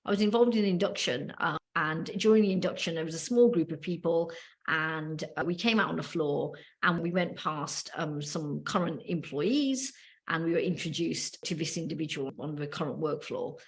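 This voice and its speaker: Woman, British accent, casual podcast co-host, slightly low voice, frequent ums and restarts. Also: normal speed. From United Kingdom.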